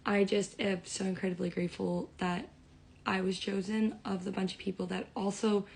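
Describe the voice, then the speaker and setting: A young woman rattles through a storytime vlog, excited and rambling, piling one detail onto the next. Her voice carries a gravelly, fry-edged texture, while her pitch sits right in the middle for a woman. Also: normal speed, low-quality recording. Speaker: vlogger.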